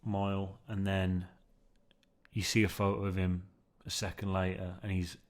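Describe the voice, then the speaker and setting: A man with a low-pitched, flat delivery and moderate pace puts a newly bought mic through its paces in a casual, meandering vlog monologue. He fills it with ums and restarts and keeps saying "man".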